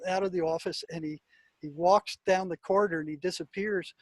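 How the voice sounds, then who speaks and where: An older man with a husky, fairly high voice tells a story as an interview guest. He acts out quotes and noises with animated energy and stumbles into repeated words as he remembers. The sound is dry and close. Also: no room sound. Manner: halting, repeats words as he recalls. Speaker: retired psychotherapist, guest.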